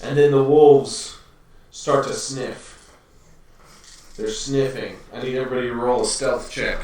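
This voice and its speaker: A man's voice: mid-range voice, steady tone, measured pace, darkish tone. A man narrating a tabletop game as game master for his children, rambling with lots of fillers and restarts. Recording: echoey room from far off.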